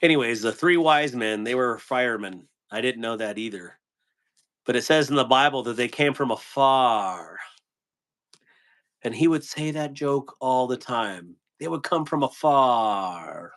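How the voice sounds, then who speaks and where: A man's voice: mid-range voice, measured pace, a bit bright. A man hosting a casual live stream, rambling loosely and telling corny jokes to his viewers.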